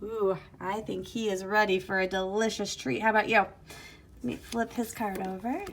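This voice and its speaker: A woman teacher giving an online phonics lesson to young children in a slow, sing-song, encouraging way, recorded on her device's camera mic. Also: medium pitch, fairly even intonation.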